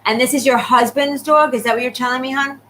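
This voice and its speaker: A woman giving a live psychic reading, talking quickly and checking in often with the person she reads for. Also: high voice, steady tone, bright, forceful tone, a little hiss or hum, poor audio. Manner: rapid, repeatedly checking in with the sitter. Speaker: psychic medium.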